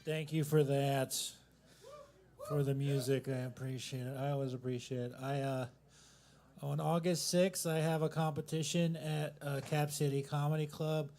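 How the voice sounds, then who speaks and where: A man in his thirties doing a self-deprecating open mic stand-up set in a coffee house, swinging between loud punchlines and mumbled asides. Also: a little high, steady tone, normal speed, vocal fry. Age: 30s. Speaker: stand-up comedian.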